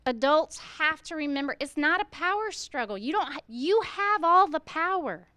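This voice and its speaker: A woman's voice: high voice, lively intonation, moderate pace, pushed and bright, no echo. A middle-aged woman, a school administrator, speaking earnestly to fellow educators at a staff meeting, firing off rhetorical questions and acting out how teachers should talk to students.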